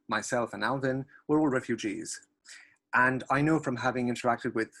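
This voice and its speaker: A man's voice: mid-range voice, fairly bright tone. Encouraging man moderating a panel. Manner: encouraging, with repeated restarts.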